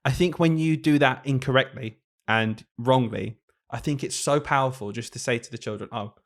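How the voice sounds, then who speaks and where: A man's voice: mid-range voice, moderate pace. A man, a primary teacher co-hosting a podcast, telling classroom stories in casual chat and often laughing as he talks.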